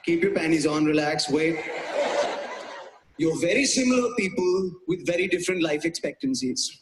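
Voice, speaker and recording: A man's voice: high voice, lively intonation, moderate pace, noisy background. A man from India with an Indian English accent, performing a wry, self-mocking stand-up routine on stage before a live audience. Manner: wry, self-mocking, punchy delivery with put-on voices. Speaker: stand-up comedian.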